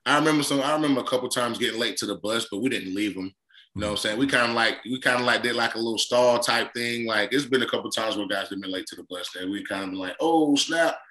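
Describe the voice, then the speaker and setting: A man, a former football player co-hosting a casual sports podcast, telling lively stories and acting out quotes. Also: fast, echoey room, poor audio. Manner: animated storyteller, acts out quotes in a higher voice, laughs often.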